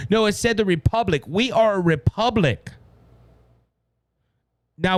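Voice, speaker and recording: A man with a Cajun Louisiana accent hosting a solo political show, emphatic and repeating "ladies and gentlemen" with frequent restarts. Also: high-pitched, no echo. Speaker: political podcast host.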